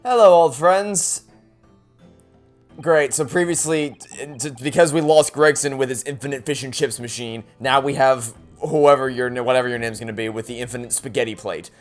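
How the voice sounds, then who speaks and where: A man's voice: mid-range voice, fairly even intonation, fairly quick, hardly any pauses, soft background music. A man giving casual let's play commentary, rambling, stammering and self-deprecating.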